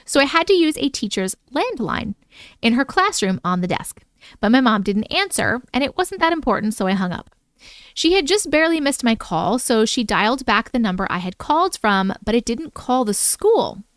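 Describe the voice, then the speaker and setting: A woman chats and reads viewers' stories aloud on a livestream, playful and quick to joke. Her voice is high and smooth and swings around a lot in pitch. The sound is dry and close. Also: very animated, dry recording. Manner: playful, chatty, breaks off to joke and laugh. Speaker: host reading viewer stories. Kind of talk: casual livestream chat and story reading.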